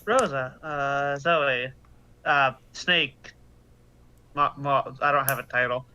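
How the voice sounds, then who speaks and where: A man's voice: medium pitch, slow pace, sharp tone, smooth, rough recording. A man playing a tabletop game, speaking in character in a hesitant, stammering way. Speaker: player.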